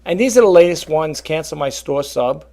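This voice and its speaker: A man talking casually to his viewers about reselling, rambling and animated, often calling them folks. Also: on the high side, normal speed, vocal fry. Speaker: reseller vlogger. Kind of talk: casual talk to camera.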